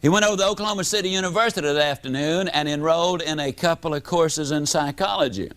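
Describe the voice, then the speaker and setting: Guy, motivational speaker spinning a story, animated, swoops up and down, kinda high voice. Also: fast talker, smooth. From United States. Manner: animated, dramatic swings in pitch and loudness. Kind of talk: storytelling seminar speech.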